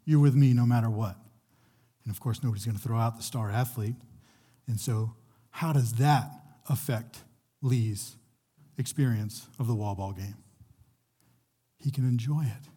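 A man's voice: mid-range voice, a little slow, long pauses, dark tone, husky. A young man preaching a sermon in a conversational way, restarting phrases as he goes. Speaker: pastor.

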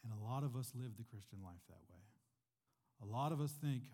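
Speaking fairly quickly, a pastor with a warm, mellow, ordinary-pitched voice poses rhetorical questions to the congregation in an easygoing, conversational sermon. A church hall's long reverb echoes around him.

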